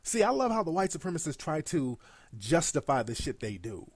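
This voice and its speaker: A man's voice: a little high, very animated, brisk, a little mellow, husky, dry recording, studio quality. A man giving blunt, mocking commentary over played clips.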